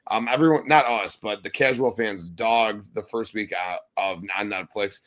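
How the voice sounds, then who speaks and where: A man's voice: on the low side, normal speed, fairly bright tone. A man hosting a casual wrestling podcast, upbeat and joking, swearing freely as he runs the panel. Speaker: podcast host. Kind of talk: casual sports podcast chat.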